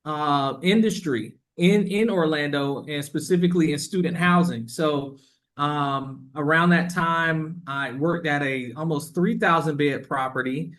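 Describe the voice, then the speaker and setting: Affable man guest from Florida, voice a touch high, easygoing and agreeable. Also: a bit bright. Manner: affable, quick to agree, jokes along. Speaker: real estate agent, guest. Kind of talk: casual interview conversation.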